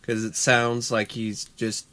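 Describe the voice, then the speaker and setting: A man's voice: mid-range voice, completely flat delivery, takes it slowly, bright, forceful tone. A man co-hosting a podcast, chatting casually with a laid-back, somewhat hesitant delivery. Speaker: podcast co-host.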